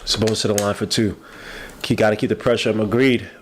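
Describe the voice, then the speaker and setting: A man's voice: on the low side, fairly even intonation, fast, noisy background. A man with a stuffy nose, hosting a podcast and giving loose, rambling live play-by-play with asides. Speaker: podcast host. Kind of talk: casual live game commentary.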